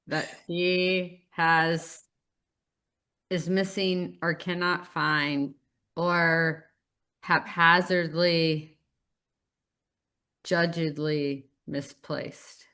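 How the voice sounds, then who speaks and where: A woman co-hosting a podcast, speaking in a deliberate, reflective way. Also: fairly low pitch, steady tone, pushed and bright, clear, resonant tone. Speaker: podcast co-host. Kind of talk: casual chat.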